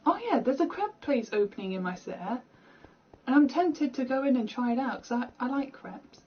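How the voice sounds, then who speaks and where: A woman's voice: high-pitched, animated, a little fast, breathy edge, lo-fi sound. A young British woman chatting casually and rambling while she plays a game, laughing at herself, recorded at home. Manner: rambling, chatty, self-deprecating. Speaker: gaming streamer.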